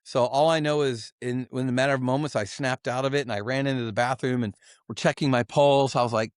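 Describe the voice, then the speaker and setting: A man's voice: medium pitch, fairly even intonation, brisk, clear, resonant tone, no room sound, clean studio sound. A man guest on a podcast giving an emotional, earnest personal testimony, often restarting and repeating himself.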